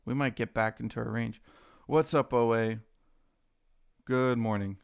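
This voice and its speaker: A young man casually chatting on a live stream while trading stocks, excitable and slangy, greeting viewers by name. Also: medium pitch, a little slow, vocal fry, clean tone. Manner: excitable, talks to chat and his dogs, says dude a lot.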